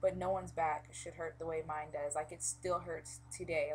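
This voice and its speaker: Low-voiced young woman venting casually. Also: level tone, normal speed, darkish tone, a little hiss or hum, rough recording. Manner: venting, swears freely, many fillers like "um" and "like". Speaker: vlogger. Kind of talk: casual vlog chat.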